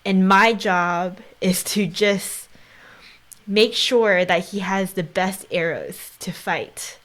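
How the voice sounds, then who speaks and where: A woman's voice: mid-range voice, slow, a bit bright. A woman in her thirties hosting a podcast, speaking in casual conversation with an earnest tone. She often drops to a near whisper and fills her talk with "like" and "right?". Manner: heavy use of "like" and "right?". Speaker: podcast host.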